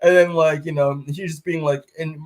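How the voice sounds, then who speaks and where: A man's voice: a little high, steady tone, normal speed, a little mellow. A man co-hosting a podcast, casually recapping a comic book in a rambling way full of fillers, often acting out the characters' lines. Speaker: podcast co-host.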